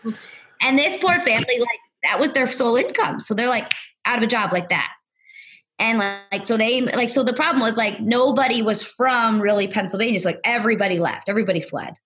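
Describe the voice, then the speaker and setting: A woman's voice: fairly high pitch, a little fast, background noise. A woman guest on a podcast interview, telling a story casually, full of "like" fillers, sometimes acting out what others said. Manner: rambling, heavy use of "like" fillers; acts out other people's lines in quoted voices.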